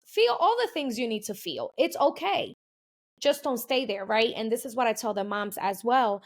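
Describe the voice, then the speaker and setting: A woman's voice: a little high, animated, moderate pace. Chatty woman podcast host. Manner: conversational, leading with questions and affirmations. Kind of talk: casual interview chat.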